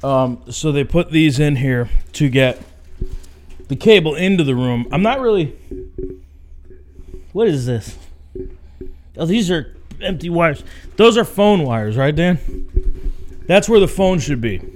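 A man with a fairly high voice rambles through a casual, joking tour of a big hotel room as a podcast co-host. He swears freely and laughs easily while talking into a wired mic. There is a faint noise floor. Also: expressive, measured pace, pauses often, darkish tone. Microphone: wired microphone on a cable.

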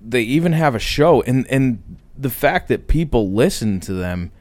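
Profane, animated man ranting on a podcast. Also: medium pitch, moderate pace, no room sound. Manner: profane, boastful, mocking. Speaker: podcast co-host. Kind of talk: casual crude banter.

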